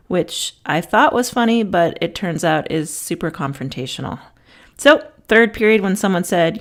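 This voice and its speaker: A middle-aged woman with a fairly low voice gives an instructional talk. She tells lively classroom anecdotes and acts out the quotes within them. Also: normal speed. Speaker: teacher.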